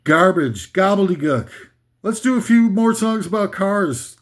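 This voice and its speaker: A man rants in a loose, rambling comedic style, full of scorn and sarcasm. His voice sits slightly high for a man. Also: animated, unhurried. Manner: scornful, rambling, sarcastic, with mock singing bits. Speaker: comedic ranter. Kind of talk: comedic rant.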